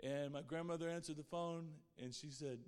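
A man with a somewhat high voice gives an earnest, heartfelt faith testimony. His words carry a long reverb, as if spoken in a large hall. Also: fairly even intonation, normal speed, a little mellow, clear, resonant tone. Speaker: guest speaker sharing his testimony.

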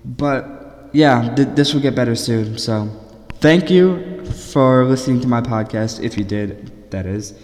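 A man's voice: medium pitch, darkish tone. Nervous young man in an echoey room. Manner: nervous, halting, stumbles over words. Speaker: podcast host. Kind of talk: reading lore aloud, then casual sign-off. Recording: echoey room with long reverb.

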